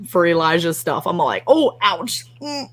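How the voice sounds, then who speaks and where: A woman's voice: fairly low pitch, measured pace. A woman on a livestream chat, a YouTuber and mother. She tells family stories and acts out the dialogue with lots of laughter. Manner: animated storyteller acting out family dialogue.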